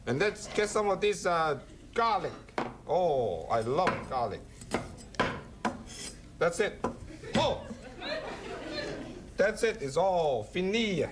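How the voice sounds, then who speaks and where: High, lively man hosting a cooking show. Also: slow pace, long pauses, a crowd in the background. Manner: playful, jokey, chatty. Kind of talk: cooking demonstration. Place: studio kitchen. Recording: kitchen clatter and chopping noise.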